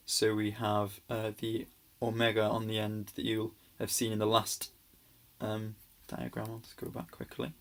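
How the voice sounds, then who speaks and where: A man with a fairly low voice walks through a grammar lesson at an unhurried pace. He explains patiently and reassuringly, pausing often on ums and restarting his sentences. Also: monotone, a bit bright. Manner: hesitant, many ums and restarts. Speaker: language teacher. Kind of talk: casual slide-based grammar lesson.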